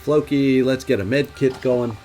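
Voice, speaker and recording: A man's voice: mid-range voice, fairly even intonation, unhurried, dark tone, a little hiss or hum. A man hosting a let's play, talking through his tactical moves aloud with wry, self-questioning asides. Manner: thinking aloud while planning moves. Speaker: gaming channel host.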